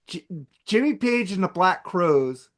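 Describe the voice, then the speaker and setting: A man hosting a podcast, telling a long story in a casual, animated way and swearing a lot. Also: high-pitched, a little slow. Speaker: podcast host.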